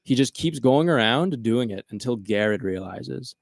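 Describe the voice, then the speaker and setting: A man's voice: mid-range voice, animated, moderate pace, creaky, dry recording, studio quality. A man co-hosting a casual chat, telling a long story and acting out his friends' lines. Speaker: podcast co-host.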